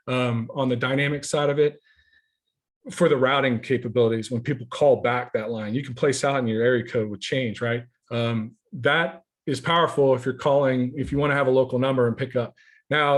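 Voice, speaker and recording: A man walking through his software in a casual webinar, talking in a rambling, enthusiastic way with many fillers. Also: mid-range voice. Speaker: software founder giving a demo.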